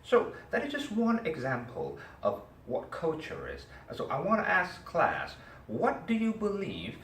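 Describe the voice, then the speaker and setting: Here a man with a mid-range voice leads a lesson, spinning a story and asking the students questions with plenty of energy. The mic is far away in an echoing space, so there's faint ambience and slight noise behind him.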